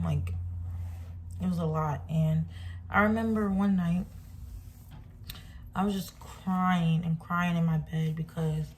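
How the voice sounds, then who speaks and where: A woman's voice: fairly low pitch, darkish tone, a little hiss or hum. A young woman telling her personal faith testimony in a casual vlog, earnest and emotional, saying "like" often. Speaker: vlogger sharing faith testimony.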